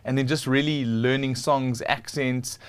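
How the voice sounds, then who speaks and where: A South African man telling stories about himself as an interview guest. His voice is smooth and resonant, and he talks in a reflective way, circling back and restarting his sentences. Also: medium pitch, fairly even intonation, measured pace. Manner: reflective storytelling, frequent restarts. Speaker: guest, creative director. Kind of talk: casual interview conversation.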